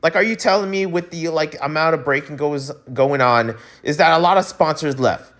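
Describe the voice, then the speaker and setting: A man's voice: on the high side, moderate pace, fairly bright tone. A Filipino-American man from the United States ranting animatedly as he hosts a breakdancing news vlog, often restarting sentences and throwing in exclamations. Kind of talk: casual ranting commentary.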